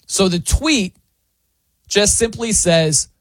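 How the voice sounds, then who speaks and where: A man's voice: high voice, slow pace, no room sound. A man hosting a sports talk show, giving an opinionated monologue with a mocking, incredulous tone. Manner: incredulous, mocking, animated reading. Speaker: sports commentary host.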